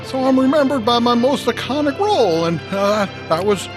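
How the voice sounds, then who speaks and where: A man impersonating the ghost of an old-time male film star, folksy and halting, stammering and repeating himself. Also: extremely high pitch, lively intonation, music in the background, voice pushed up. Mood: pleading. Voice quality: halting, drawling stammer with "I tell you". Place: podcast studio.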